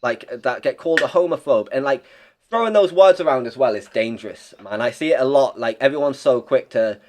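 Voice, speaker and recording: A man's voice: medium pitch, fairly quick. A young man chatting as a podcast guest, rambling and blunt, swearing freely with lots of restarts. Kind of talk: casual chat.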